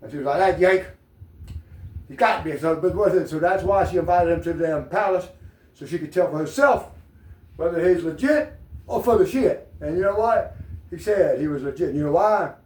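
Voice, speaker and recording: Southern man, high voice, rambling and cursing, heard from off-mic in an echoey room. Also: fairly quick, darkish tone, far from the mic. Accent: Southern American. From American South. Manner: rambling, profane, digressive. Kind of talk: rambling monologue.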